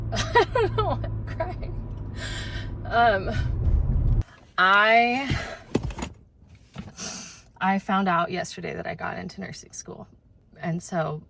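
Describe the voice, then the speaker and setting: A young adult woman talking casually to camera as a vlogger, chatty and full of "like" fillers. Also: medium pitch. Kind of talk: casual vlog chat. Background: loud background music.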